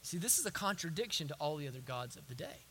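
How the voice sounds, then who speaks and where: A man's voice: fairly high pitch, sing-song, fast, sharp tone, a little hiss or hum. A male pastor preaching a sermon in an emphatic style, repeating words and phrases for weight.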